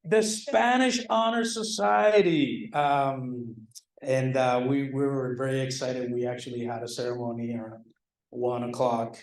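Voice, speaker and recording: A man's voice: medium pitch, monotone, moderate pace, darkish tone. A man, a department chair, presents student awards at a banquet in a loose, joking, self-deprecating way. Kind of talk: ceremony speech. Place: large banquet hall. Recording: echoey hall, mic far off.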